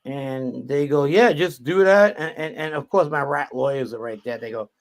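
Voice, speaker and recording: A man's voice: mid-range voice, steady tone, moderate pace, gravelly. A man, a guest on a call-in show, telling a profane story and acting out what other people said. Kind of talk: casual storytelling. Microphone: video call.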